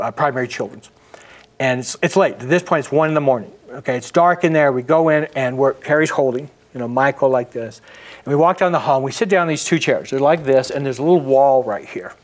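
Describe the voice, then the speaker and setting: An earnest middle-aged man speaking as an interview guest at an ordinary pitch for a man. He tells a personal story with feeling, and his voice often sinks to a near-hush. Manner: earnest, narrates with acted quotes and frequent hushed drops.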